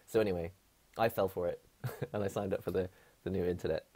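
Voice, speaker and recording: A man's voice: low voice, steady tone, quick pace, long pauses, dark tone. A man chatting casually on a live stream from his apartment, rambling and laughing often.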